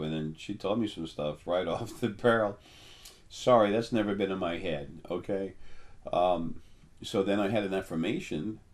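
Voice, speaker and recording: An older man with a deep, low voice gives a loose, unscripted talk as a spiritual teacher. He rambles and stops often with ums and restarts. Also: a little mellow. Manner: rambling, halting with many ums. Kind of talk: casual monologue.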